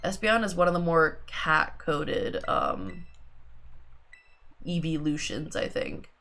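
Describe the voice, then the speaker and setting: Wry, low-energy woman streamer. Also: sing-song, slow pace, a bit bright, soft background music. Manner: wry, sarcastic, swears casually. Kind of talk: game livestream commentary.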